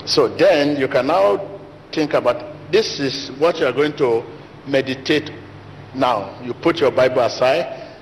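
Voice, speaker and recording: A man delivering an emphatic, repetitive sermon as a pastor in a large church hall. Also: measured pace. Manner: repetitive emphatic preaching, rising to high pitch. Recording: long hall reverb, faint noise.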